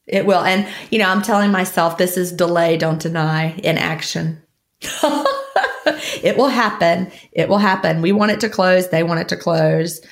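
A woman's voice: fairly low pitch, fairly even intonation, normal speed. A woman co-hosting a podcast in casual chat, rambling and laughing often as she talks. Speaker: podcast co-host.

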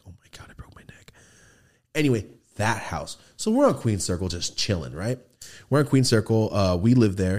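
A man in his thirties hosts a podcast from a studio, telling a casual, profane story and acting out the voices he quotes. His voice is fairly low and a little mellow.

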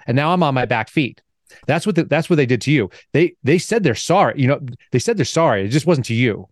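A man hosting an interview, brisk and blunt, telling anecdotes to make his point. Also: medium pitch, no echo, clean studio sound. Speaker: podcast host. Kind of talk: conversational interview.

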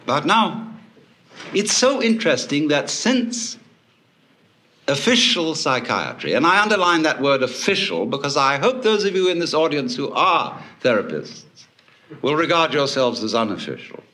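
A man giving a public lecture to an audience, telling stories in a wry, animated way with swooping emphasis. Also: a little high, normal speed.

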